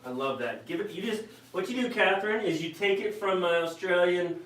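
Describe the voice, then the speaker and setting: A man's voice: high voice, expressive, brisk, a bit bright. A man co-hosting a live painting show, cheerfully reading out viewers' comments. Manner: reads comments aloud, chipper and enthusiastic. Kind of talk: live stream chat. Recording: echoey room, mic a bit far.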